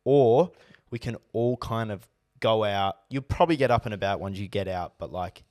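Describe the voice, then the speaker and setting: A man's voice: lowish voice, moderate pace, darkish tone, dry recording, clean studio sound. A young man with an Australian accent, co-hosting a podcast in a rambling, chatty way full of filler words. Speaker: podcast co-host. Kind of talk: casual chat.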